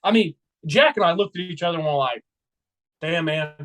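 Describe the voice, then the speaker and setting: A young man with a notably high voice co-hosts a sports podcast. He tells his stories with excitable energy and keeps slipping into loud impressions of his own trash talk. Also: quick pace. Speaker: podcast co-host. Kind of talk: casual sports chat.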